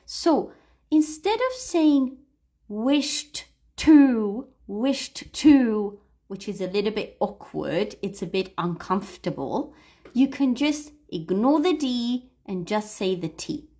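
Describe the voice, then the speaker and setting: Woman teacher on a livestream, talks slow, voice jumps up and down a lot, patient. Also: medium pitch, big pitch swings, mellow. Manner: patient, explains slowly and models words for repetition. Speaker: English teacher. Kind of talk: livestream read-aloud lesson.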